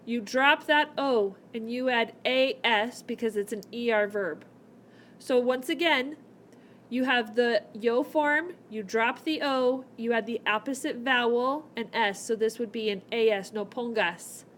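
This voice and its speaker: Chatty high-voiced woman teaching. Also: a little slow, fairly bright tone, a little hiss or hum. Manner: chatty, explains step by step. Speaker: Spanish teacher. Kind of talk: recorded whiteboard lesson. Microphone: laptop mic.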